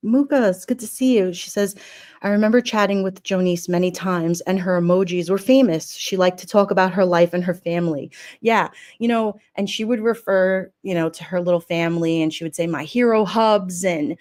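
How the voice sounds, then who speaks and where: Emotional woman streamer, low-pitched. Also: brisk, a little mellow. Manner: heartfelt, rambling, reads chat comments aloud. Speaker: livestream host. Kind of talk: casual livestream memorial talk.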